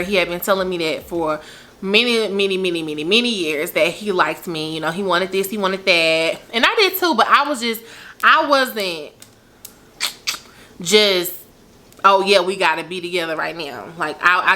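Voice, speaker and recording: A young adult woman telling a story in casual, animated vlogger chat, her pitch swooping up for emphasis. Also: moderate pace.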